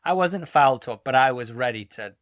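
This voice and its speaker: A man co-hosting a casual podcast chat, blunt and exasperated as he tells his stories, cursing now and then. His voice sits at an everyday middle pitch. The recording is dry and close, with no room sound. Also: animated, fairly quick, a bit bright, no echo. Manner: blunt, exasperated storytelling with swearing. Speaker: podcast co-host.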